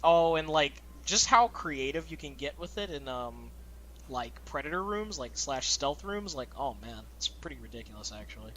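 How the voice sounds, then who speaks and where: Bright-voiced chatty young gamer. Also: male voice, on the high side, lively intonation, moderate pace, slight background noise. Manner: chatty, laughs often, many fillers. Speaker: let's play host. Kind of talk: casual gameplay commentary.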